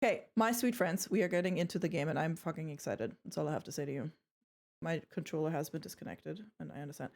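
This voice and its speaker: A young woman streamer chatting casually and excitedly while she plays a game, swearing freely. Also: sits low, fast talker, creaky. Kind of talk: casual live-stream chat while gaming.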